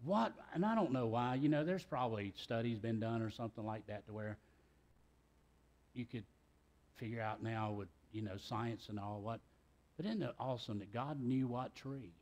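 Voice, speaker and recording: This middle-aged pastor from South Carolina gives a folksy, talkative sermon in a church sanctuary, dropping in joking asides. He speaks at a normal speed with a medium-pitched voice and a darkish tone.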